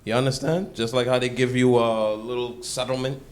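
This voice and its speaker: A man giving animated, conversational scripture commentary, dropping into slang and asides. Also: medium pitch, normal speed. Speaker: bible study teacher. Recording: echoey room with faint noise.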